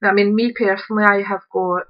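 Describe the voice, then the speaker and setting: A woman's voice: mid-range voice, steady tone, fast, dull audio. A woman, chatting casually while demonstrating a craft project at home and thinking aloud as she works. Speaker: craft tutorial host. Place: upstairs room at home.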